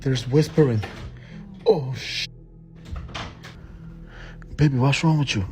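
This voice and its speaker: A frightened man speaks slowly and quietly into a handheld phone in his bedroom at night, breaking off and swearing under his breath. His voice has an ordinary middle pitch. Background music has been laid over the recording. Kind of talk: filming himself, talking to viewers. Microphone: handheld phone camera.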